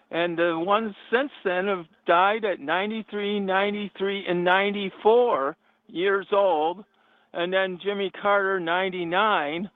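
Male radio caller, halting and hesitant, fairly high and slow, tinny phone line. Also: no room sound. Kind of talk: call-in comment.

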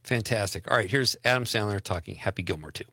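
A man's voice: on the low side, quick pace, noisy background. A man hosting a casual radio talk show, reading listener messages and chatting with his co-host.

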